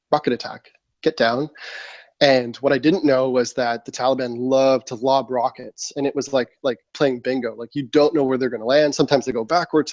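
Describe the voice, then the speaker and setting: A man's voice: mid-range voice, dry recording. A man in his thirties, a military veteran guest on a podcast, telling a long story in casual talk, acting out his own quotes with plenty of fillers. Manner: animated storyteller, acts out quotes, frequent fillers. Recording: slightly muffled dry studio mic.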